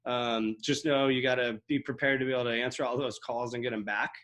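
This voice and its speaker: Brief: man, mid pitch, casual software demo host, filler-heavy and rambling. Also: steady tone, a little fast. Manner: rambling, many fillers and restarts. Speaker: real estate investor demoing software. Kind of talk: casual screen-share walkthrough.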